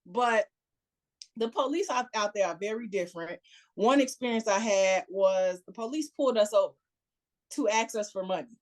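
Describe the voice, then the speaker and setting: A woman's voice: mid-range voice, normal speed. A woman with a Chicago accent, a podcast guest, telling a story casually, acting out quotes and laughing often. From United States.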